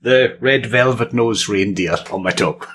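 A man's voice: on the low side, a little slow, fairly bright tone, a little hiss or hum. A man co-hosting a casual tech podcast, playful and enthusiastic, full of jokes. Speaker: podcast co-host. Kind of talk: casual chat.

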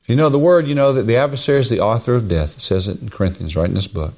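A man preaching a folksy Bible-teaching sermon, stretching key phrases slowly and swinging from raised, high stresses to hushed, low asides.

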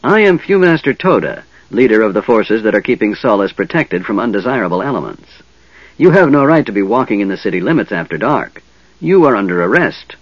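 A man's voice: on the low side, sing-song, fairly quick, no echo. A man voicing Fewmaster Toda, a fat, sneering male hobgoblin commander with a pompous, heavily accented way of talking, in a dull lo-fi audiobook recording. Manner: pompous, thick accent, self-important. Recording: dull lo-fi sound.

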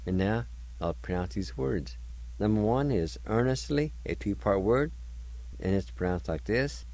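A male radio host giving a slow, deliberate vocabulary lesson, spelling each word letter by letter and repeating it several times. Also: on the low side, expressive, dark tone, poor audio.

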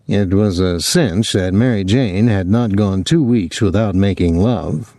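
A man narrating a novel as an audiobook, reading in a deliberate, expressive way. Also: lowish voice, no echo, studio quality. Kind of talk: scripted narration.

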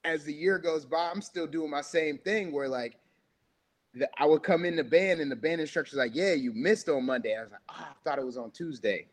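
A man's voice: a little high, brisk. Young man rambling through a story. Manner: rambling, loose and laid-back, heavy filler words. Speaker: podcast guest. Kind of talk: casual storytelling.

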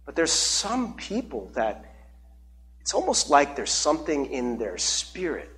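A man's voice: fairly high pitch, wildly swooping pitch, a little slow, fairly bright tone, a little hiss or hum. A young adult male pastor preaching a sermon, earnest and openly emotional, often checking in with "right?".

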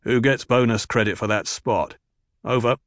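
A man voicing a crawler crewman who answers over the radio in a flat voice. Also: medium pitch, moderate pace, dry recording, clean studio sound, natural voice.

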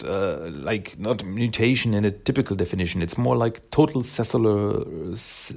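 A man's voice: lowish voice, a little mellow. A man voicing an anxious young mutant woman. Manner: hesitant, pleading, stumbling over words.

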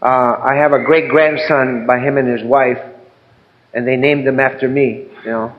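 A man's voice: medium pitch, steady tone, moderate pace, highs cut off, slight background noise. An older man giving a heartfelt, rambling personal testimony about his recovery, often adding "man" and "you know". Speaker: recovery speaker.

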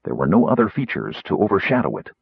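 Low, husky male narrator, expressive storytelling; dry, slightly dull recording. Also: quick pace, dry recording. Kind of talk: audiobook narration.

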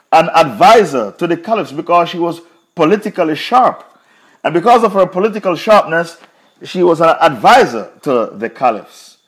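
Brief: male religious teacher, slightly high voice, repeats points for emphasis. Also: breathy edge. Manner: repetitive, emphatic storytelling. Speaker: Quran teacher. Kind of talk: religious lesson, storytelling.

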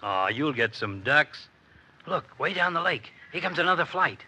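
An actor playing a gruff, sarcastic middle-aged doctor in 1940s radio acting, needling and bossy. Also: male voice, on the high side, sing-song, moderate pace, sharp tone, a little hiss or hum, full character voice. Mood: coaching.

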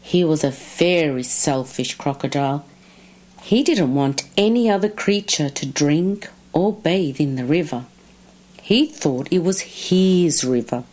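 A woman reading a children's picture book aloud, lingering on each phrase. Her voice sits a little low and she takes her time, stretching lists and key words for effect. The delivery is warm in rhythm and clearly aimed at young listeners. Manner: slow, expressive, drawn-out phrasing. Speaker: storyteller.

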